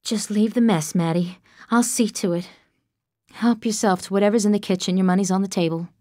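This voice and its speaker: A woman reading the part of a shaken, bitter poet in an audiobook, speaking in a low, weary, sour way. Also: steady tone, brisk, a little mellow, no room sound, clean studio sound, close to an everyday voice.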